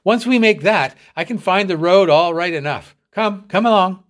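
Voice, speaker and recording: A man's voice: high-pitched, moderate pace, pitched above the performer's own voice, lightly acted. A man reading the part of an adult superintendent guiding a boy, firm and reassuring. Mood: urging. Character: steady, encouraging adult male superintendent and guide.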